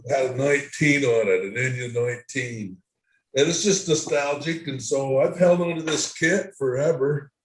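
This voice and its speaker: A man's voice: a little high, a little mellow. Easygoing man in an echoey workshop. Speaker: hobbyist guest. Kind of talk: casual video call chat. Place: home workshop. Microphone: video call.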